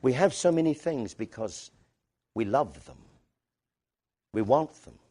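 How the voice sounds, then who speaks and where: A man preaching a sermon to a congregation in a church, emphatic, moving from quiet reflection to loud declarations. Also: mid-range voice, lively intonation, measured pace.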